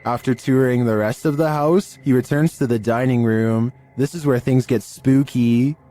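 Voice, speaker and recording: Male narrator, scripted, ominous pacing, soft music bed. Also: medium pitch. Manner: slow, ominous storytelling.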